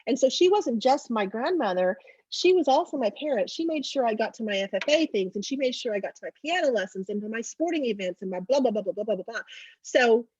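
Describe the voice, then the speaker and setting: A woman in her forties or older, an author and literary agent, telling family stories in a lively way on a video call. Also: fairly high pitch, fast, breathy edge, no room sound, dull audio. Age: 40s or older. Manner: animated storyteller, acting out family voices. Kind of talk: virtual fundraiser interview, storytelling.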